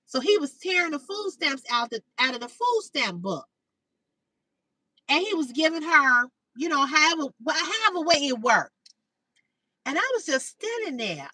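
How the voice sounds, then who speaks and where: A middle-aged woman hosting a livestream, telling a story casually to her chat, acting out the quoted lines in a higher voice and swearing freely. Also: measured pace, no room sound, far from the mic, poor audio. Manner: animated, acts out quoted dialogue in a higher voice. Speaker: livestream host.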